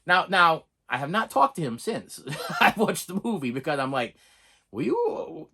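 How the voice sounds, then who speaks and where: Animated, lively-pitched man ranting. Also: normal speed. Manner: animated, rambling, repeats words, laughs often. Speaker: movie reviewer. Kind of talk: casual ranting review.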